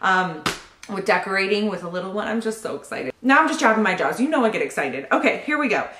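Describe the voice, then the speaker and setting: A young pregnant woman in a casual vlog, excitedly opening baby gifts and thanking each sender. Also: medium pitch, fast, slight background noise. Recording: echoey room.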